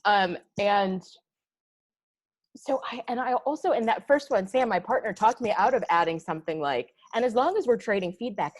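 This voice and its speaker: A woman's voice: fairly high pitch, expressive, normal speed. A woman co-hosting a podcast, telling a story in casual chat and acting out the emails she got with exasperated flair. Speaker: podcast co-host.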